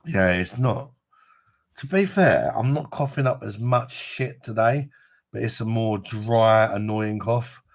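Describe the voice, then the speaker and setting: A man's voice: fairly low pitch, slow pace. A man chatting casually on a live stream, rambling and swearing freely, with a chesty cough from an infection. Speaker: livestream host.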